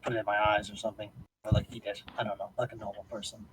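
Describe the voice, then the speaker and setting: A man's voice: on the low side, little pitch movement, rapid-fire, a bit bright, a little hiss or hum, poor audio. A man chatting casually as a player in a tabletop game, offhand and dry.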